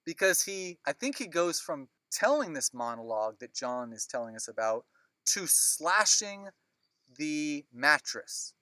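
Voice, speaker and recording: A man hosting a movie podcast, chatting casually with quick, jokey asides. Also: fairly high pitch, sing-song, pushed and bright, dry recording. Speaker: podcast host. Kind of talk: casual chat.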